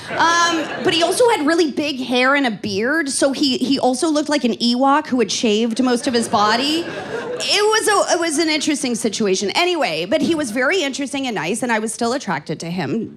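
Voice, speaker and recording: A woman in her forties from Canada works a stand-up set into a handheld stage microphone, her voice sitting a touch high. She talks in a loose, rambling way, full of fillers and dry self-mocking asides. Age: 40s. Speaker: stand-up comedian. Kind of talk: stand-up comedy.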